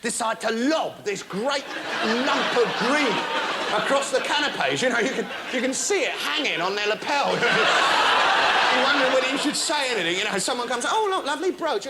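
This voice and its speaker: Male stand-up, high voice, swoops all over, loud noisy live TV recording. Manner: animated, breathless storytelling with laughter. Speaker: stand-up comedian. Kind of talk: stand-up comedy routine. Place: studio stage before a laughing audience.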